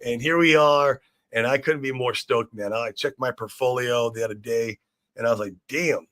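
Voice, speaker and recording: A man's voice: mid-range voice, steady tone, normal speed, a bit bright. A man hosting a casual crypto livestream, hyped and swearing freely as he greets viewers in chat. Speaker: livestream host. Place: room in Shanghai.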